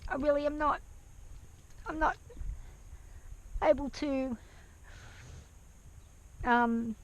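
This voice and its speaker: An anxious woman talking to camera while on horseback outdoors, hesitant and soft-spoken, speaking gently to her horse, recorded on a worn action camera. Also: high-pitched, fairly even intonation, extremely slow. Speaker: nervous horse rider. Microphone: action camera worn by the rider.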